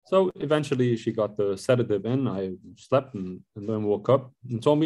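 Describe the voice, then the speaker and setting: A man from Lebanon, telling his own story in an interview in a rambling, halting way. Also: lowish voice, animated, darkish tone. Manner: rambling, with many fillers and restarts. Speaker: guest.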